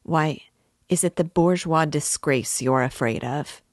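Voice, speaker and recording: Woman reading middle-aged male police investigator, earnest, fatherly, pleading, low voice, dry close sound. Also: unhurried, no room sound.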